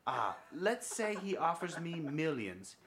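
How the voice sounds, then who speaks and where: A man's voice: a little high, very animated, unhurried, a bit bright, slight background noise. A man putting on a British accent to read out the defiant words of a proud male fighter, with some laughing slips. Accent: British English. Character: proud aggrieved male fighter quoted aloud.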